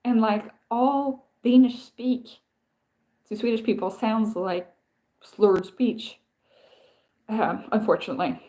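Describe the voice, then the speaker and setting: A woman's voice: on the high side, fairly even intonation, slow pace, long pauses, mellow. A woman chatting casually on a live stream, telling stories in a rambling way with many restarts and answering viewer comments. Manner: rambling, self-interrupting storytelling with many restarts.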